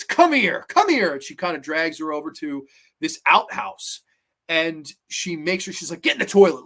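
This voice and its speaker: A man hosting a horror movie review vlog, talking casually in an excitable, rambling and profane way. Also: fairly high pitch.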